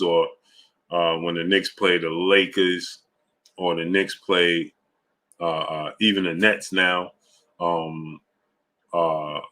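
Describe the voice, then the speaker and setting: A man's voice: deep voice, a bit bright. A man with a New York accent, chatting casually on a livestream and greeting viewers by name in slangy talk. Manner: slangy, reads out viewer names and greets them. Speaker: livestream host.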